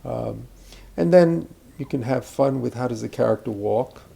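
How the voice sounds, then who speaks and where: Gravelly older man talking craft. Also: mid-range voice, normal speed, warm tone. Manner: reflective, rambling with asides and restarts. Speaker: acting teacher. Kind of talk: conversational interview about acting.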